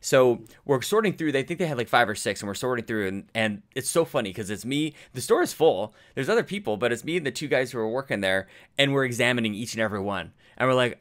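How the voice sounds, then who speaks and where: A man's voice: mid-range voice, animated, fast, hardly any pauses, a bit bright. A man co-hosting a gaming podcast, chatting casually and telling rambling, effusive stories. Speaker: podcast co-host.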